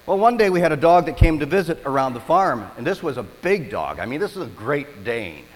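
Male pastor, expressive storytelling sermon, higher voice, long hall reverb. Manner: storytelling, animated preaching with dramatic pauses.

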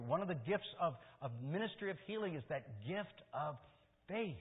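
A man's voice: mid-range voice, lively intonation, fairly quick, slightly rough. An older male pastor preaching a sermon, earnest and story-driven, rising into emphatic stresses. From Michigan, US. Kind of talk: sermon with personal stories. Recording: tinny sermon recording in a reverberant hall.

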